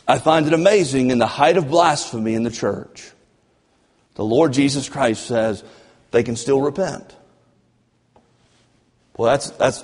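A man preaching a fervent sermon as pastor, swinging between loud emphasis and low, drawn-out passages. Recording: long church reverb.

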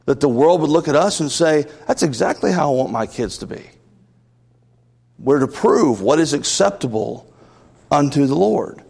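Gravelly pastor preaching, roomy hall. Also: male voice, fairly high pitch, animated, normal speed, darkish tone. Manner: earnest, conversational preaching with asides and restarts. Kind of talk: sermon. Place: church sanctuary.

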